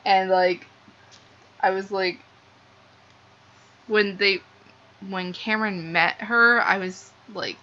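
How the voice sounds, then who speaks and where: A young woman casually reviews a book, gushing and rambling with heavy use of "like." Her medium-pitched voice has fairly even intonation and a sharp tone, and she takes it slowly with long pauses. The lo-fi recording sounds slightly dull with faint noise.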